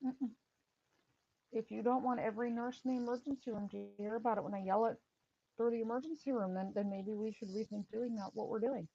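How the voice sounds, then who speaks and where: A middle-aged woman, a former paramedic and firearms instructor, hosting a casual live stream, telling stories with animated repetition and answering chat. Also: on the high side, fairly quick, gravelly, husky, lo-fi sound. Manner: animated storytelling, repeats phrases, answers chat.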